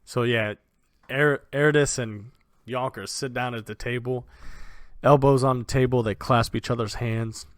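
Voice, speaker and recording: A male dungeon master narrates a tabletop game in a loose, chatty style, often slipping in a casual "like." The voice sits at an ordinary pitch. The sound is dry, with no room around it. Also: fairly even intonation, measured pace, dry recording. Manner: loose, laughing narration with lots of "like".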